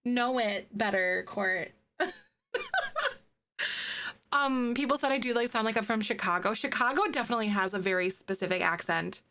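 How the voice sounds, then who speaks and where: Speaking at a medium pitch and normal speed, this Wisconsin woman leaves long pauses, and her tone is sharp. She's from the northern part of the state, has a Midwestern accent, and laughs a lot as she talks casually with viewers on a live stream while building.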